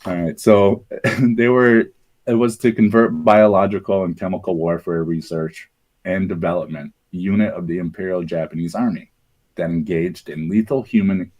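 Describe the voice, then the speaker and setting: A low-voiced man with a darkish tone hosts a talk show, presenting research in casual podcast commentary. He keeps it conversational, tossing in jokey asides, with frequent fillers and restarts.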